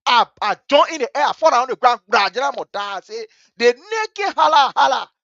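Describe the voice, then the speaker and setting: A man with a Liberian English accent hosting a talk show. He tells a story with passion, swinging between hushed and loud. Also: very high-pitched, a little fast, creaky, no echo, muffled recording. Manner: vivid, story-driven. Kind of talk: animated radio commentary with storytelling.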